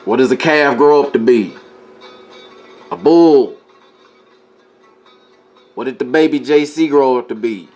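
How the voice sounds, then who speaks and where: A man's voice: medium pitch, unhurried, long pauses, a little mellow, soft background music. A man teaching from scripture in a casual way, reading passages aloud and often stopping to correct himself and talk to his viewers. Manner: informal, talks straight to viewers. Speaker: religious teacher.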